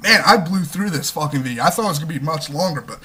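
A young man ranting angrily into his camera, swearing constantly and talking fast, with a husky voice. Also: a little high, lively intonation, sharp tone. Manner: heavy swearing, fast angry talk. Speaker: vlogger. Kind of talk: angry rant.

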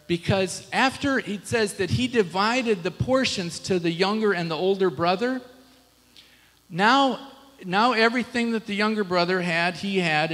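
A man's voice: sits high, a bit bright, big-room sound, poor audio. A male pastor preaching a sermon in a casual, conversational way, often asking the congregation rhetorical questions. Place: church sanctuary.

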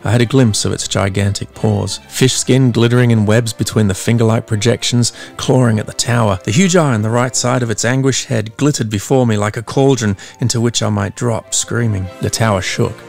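A man narrating a story in a measured, dramatic way. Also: lowish voice, vocal fry, soft background music. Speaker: audiobook narrator.

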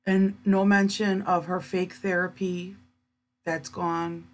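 A woman's voice: on the low side, level tone, takes it slowly. A woman giving sarcastic, incredulous reaction commentary on a video.

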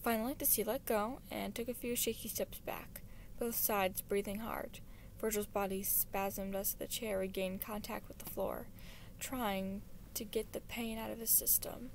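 A woman reading a fan story aloud in an unhurried, expressive way. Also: medium pitch, gravelly, a little hiss or hum. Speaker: fan-fiction reader. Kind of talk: audiobook-style story reading.

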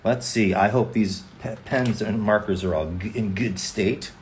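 A playful man who rambles and jokes while he chats with his viewers. His voice sits a little low, and he talks in an easy, casual way. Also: a little slow, darkish tone, a little hiss or hum. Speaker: voice actor signing autographs on a livestream. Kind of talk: casual chat.

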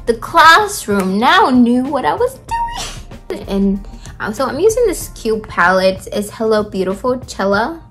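A woman's voice: on the high side, big pitch swings, measured pace, a bit bright, faint music behind. A young woman telling a rambling, chatty story about her school days while doing her makeup, full of fillers, recorded close on a phone indoors. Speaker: vlogger.

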